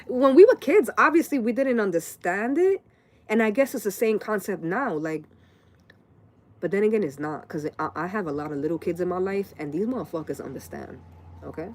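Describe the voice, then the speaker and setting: A woman's voice: mid-range voice, expressive, brisk. A woman in her late thirties, a tarot reader ranting casually and profanely on a live stream, wandering from story to story. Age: late 30s.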